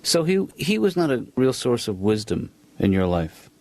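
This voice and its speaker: A man's voice: medium pitch, sing-song, moderate pace, no echo. A man voicing a mild, hesitant middle-aged psychiatrist in a cartoon. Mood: calm. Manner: hesitant, dry, soft-spoken. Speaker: therapist.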